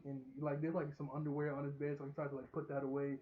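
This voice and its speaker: A man giving casual, excitable commentary on a movie trailer, laughing often and repeating himself. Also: a little high, fast, narrow, tinny audio.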